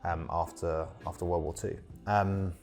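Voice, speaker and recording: A man's voice: low voice, steady tone, unhurried, darkish tone, soft background music. A man hosting a casual podcast discussion, explaining at length with many ums and restarts. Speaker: podcast host.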